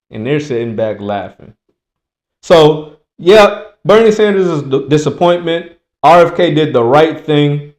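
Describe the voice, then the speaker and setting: A man giving casual political commentary, emphatic and repetitive, slowing down to stress points. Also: fairly high pitch, expressive, darkish tone.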